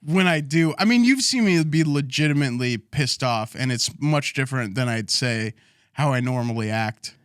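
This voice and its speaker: A man co-hosting a casual comedy podcast, telling a story in a laid-back deadpan way. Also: mid-range voice, normal speed, clear, resonant tone, no echo, studio quality. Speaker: podcast co-host.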